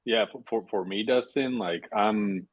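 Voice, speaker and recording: A man in his thirties co-hosting a live show, talking casually and haltingly with some swearing. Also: fairly low pitch, narrow, tinny audio. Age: 30s. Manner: casual, halting, mildly profane. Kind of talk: casual live-stream chat.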